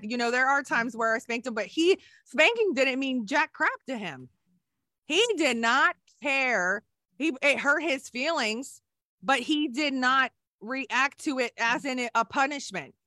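A woman's voice: high voice, animated, unhurried, sharp tone, no echo, clean studio sound. A middle-aged woman, a nurse, telling her story candidly in an emotional, rambling way with many restarts. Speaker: guest, nurse.

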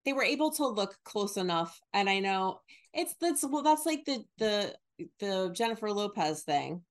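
Animated woman acting out quotes. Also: medium pitch, moderate pace. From northern United States. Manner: animated, acts out quotes in exaggerated voices, swears casually. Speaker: podcast co-host. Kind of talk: casual chat.

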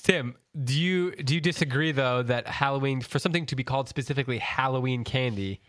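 A man hosting a podcast in casual chat, joking and pausing over his questions. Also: medium pitch, fairly bright tone, slight background noise. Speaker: podcast host.

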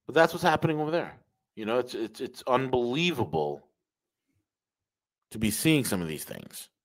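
Male podcast host, emphatic opinion commentary, repeats his points, mid pitch. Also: big pitch swings, normal speed, poor audio. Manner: emphatic, repeats phrases, addresses listeners as folks.

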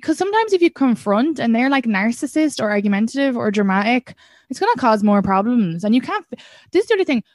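A young Irish woman, a comedian guest, telling stories in a casual podcast chat with lively restarts. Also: on the high side, fast talker, dry recording, studio quality. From Ireland. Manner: animated storytelling with frequent restarts and laughs.

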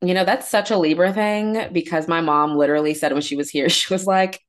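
A woman co-hosting a podcast in casual chat, expressive and quick to laugh, acting out family quotes. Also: fairly low pitch. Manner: expressive, laughs often, acts out her mom's quotes. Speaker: podcast co-host.

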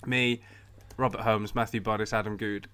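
Bright-voiced man telling a story. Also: on the low side, moderate pace, smooth. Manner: animated storyteller, laughs often. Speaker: podcast co-host telling a story. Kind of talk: casual comedic chat.

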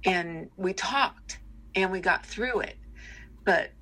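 Middle-aged woman, podcast co-host, bright clear voice, candid and reflective chat. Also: mid-range voice, slow. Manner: candid, reflective, uses many fillers.

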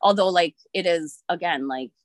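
A woman's voice: lowish voice, moderate pace, no echo. A woman in her thirties telling a personal story in casual chat, rambling with lots of filler words and frank swearing.

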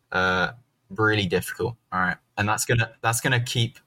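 A man's voice: fairly low pitch, fairly even intonation, normal speed, bright, forceful tone, no room sound. A man co-hosting a comedy podcast, irreverent and rambling, swearing with lots of fillers. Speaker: podcast co-host. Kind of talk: casual comedic chat.

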